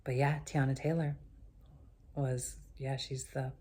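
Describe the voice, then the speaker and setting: A woman chatting casually as she recaps a TV episode, rambling and often trailing off into quiet mumbled asides. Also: extremely low pitch, little pitch movement, measured pace, husky. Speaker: TV recap vlogger.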